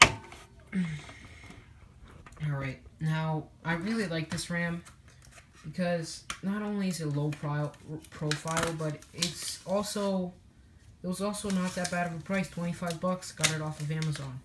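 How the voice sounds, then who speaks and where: Against a noisy background, a woman speaks at a measured pace in a fairly low pitch with fairly even intonation, pausing often. Chatty and a little slurred, the PC builder vlogger guides viewers she addresses as "guys" through putting together a computer.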